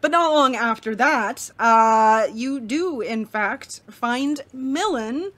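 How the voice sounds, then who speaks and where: A woman running a tabletop game as game master, narrating the scene in a lively storytelling way. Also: a little high, slow pace.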